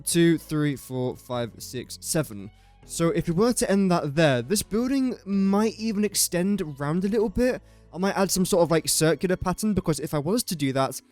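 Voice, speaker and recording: A man's voice: on the high side, a little mellow. A young man from England with an English accent, giving chatty, self-deprecating gameplay commentary as he builds. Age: young adult. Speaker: gaming YouTuber.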